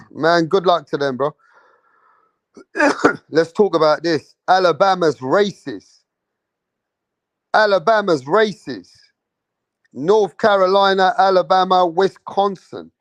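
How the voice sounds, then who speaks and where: A man's voice: high-pitched, takes it slowly, pauses often, dry recording. A man chatting loosely on a livestream, rambling and swearing as he reads viewer comments. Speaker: livestream host. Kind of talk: casual livestream chat reading viewer comments.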